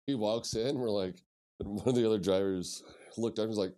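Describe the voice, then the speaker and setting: A man's voice: lowish voice, brisk. A man from Missouri, a podcast guest, telling casual stories full of swearing and acted-out quotes. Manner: profane, animated anecdotes with acted-out quotes. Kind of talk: casual storytelling.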